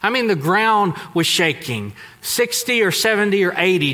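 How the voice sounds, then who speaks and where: Bright-voiced man preaching in a hall. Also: sits high, big pitch swings, moderate pace, hardly any pauses. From Texas. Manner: storytelling, emphatic with sudden soft drops. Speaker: pastor. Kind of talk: sermon. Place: large church hall. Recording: echoey hall.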